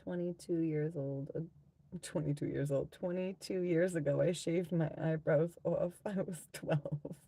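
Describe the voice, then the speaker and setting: A woman's voice: low-pitched, fairly even intonation, measured pace, vocal fry, dark tone. A woman, hosting a casual livestream and chatting crudely and teasingly with viewers. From New Zealand. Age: 30s. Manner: crude, giggly, teasing banter with frequent laughter. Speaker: livestream host. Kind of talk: casual live chat with viewers.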